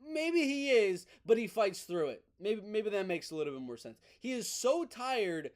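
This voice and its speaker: A man hosting a fight news vlog in a casual, excited, opinionated way, often repeating himself for emphasis. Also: sits high, moderate pace. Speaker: MMA news host.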